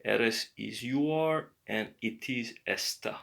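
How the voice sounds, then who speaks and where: A man giving a slow, patient beginner language lesson, explaining words one by one. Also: medium pitch, vocal fry, fairly bright tone. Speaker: language teacher.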